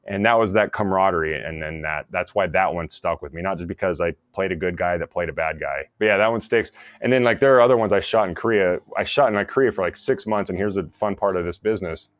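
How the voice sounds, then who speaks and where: A man, an actor and former soldier, telling stories in a casual podcast interview, animated and laughing often as he talks. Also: sits low, quick pace, hardly any pauses, dry recording. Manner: animated storyteller, laughs often, many restarts.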